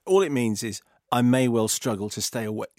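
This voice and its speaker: A man's voice: mid-range voice, a little fast, darkish tone, no room sound. Drowsy, dry-humored man on the radio. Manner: dry, self-mocking, drowsy. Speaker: radio co-host. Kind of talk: casual banter on radio.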